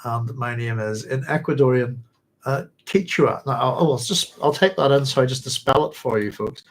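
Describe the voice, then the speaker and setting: A man's voice: mid-range voice, normal speed, poor audio. A man hosting a book club, chatting loosely, correcting himself and laughing often. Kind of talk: casual book talk.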